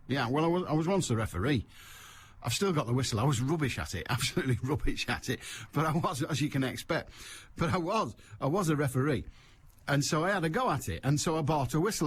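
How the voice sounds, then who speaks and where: Man, radio phone-in host, wry and teasing, lively swooping delivery, faint hum behind. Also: a little high. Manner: wry, teasing, laughs at his own jokes. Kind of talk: chatty radio monologue. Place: radio studio.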